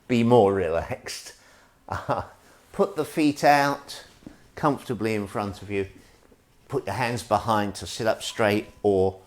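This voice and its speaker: A man leading an online tai chi stretching class, calm and gentle with wry asides. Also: low-pitched. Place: indoors at home, live stream.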